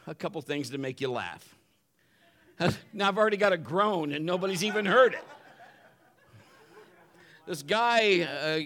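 A male pastor warms up his congregation with jokes before his sermon. His voice sits a little high for a man, and he often laughs along with his own punchlines. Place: church building.

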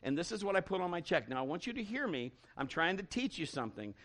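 Middle-aged pastor guy telling a story in his sermon, lively, keeps restarting himself. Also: sits high, fast talker. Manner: animated, folksy, with many restarts and acted-out quotes.

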